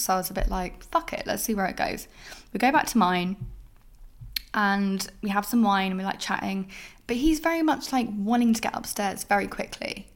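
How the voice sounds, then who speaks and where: Young woman, podcast host, storytelling, candid, sweary, expressive. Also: medium pitch.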